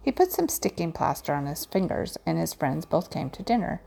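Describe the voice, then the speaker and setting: A woman reads a children's storybook aloud with gentle, measured pacing. Her voice sits low with a gravelly edge, and its tone is warm and mellow. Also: very animated.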